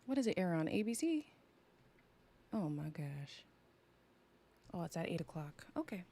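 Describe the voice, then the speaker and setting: A woman's voice: lowish voice, sing-song, unhurried, dark tone, husky. A young woman from Canada reviewing a reality show on a live stream in a sassy, dramatic, teasing way, often laughing. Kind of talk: casual live review chat.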